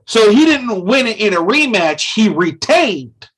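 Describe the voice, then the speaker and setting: A man's voice: sits high, big pitch swings, unhurried, fairly bright tone, breathy edge, low-quality recording. A man from Michigan co-hosting a casual podcast, cracking dry jokes. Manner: wisecracking, dry quips. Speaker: podcast co-host. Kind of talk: casual chat.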